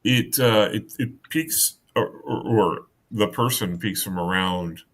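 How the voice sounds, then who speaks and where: A man narrating a tabletop game as game master, halting, with many fillers and restarts. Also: on the low side, a bit bright.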